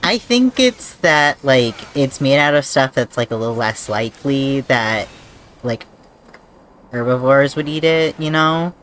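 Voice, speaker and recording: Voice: mid-range voice, lively intonation, measured pace, a bit bright, a little hiss or hum. A game streamer chatting casually with a co-op partner, rambling with lots of fillers. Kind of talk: casual chat while gaming. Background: faint game music.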